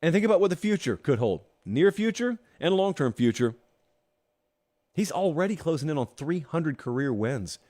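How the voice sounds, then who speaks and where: A man hosts a solo sports talk show, addressing viewers directly. His pitch leaps around as he talks, and he leans into a dry, sarcastic edge. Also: sing-song, normal speed, darkish tone. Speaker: host.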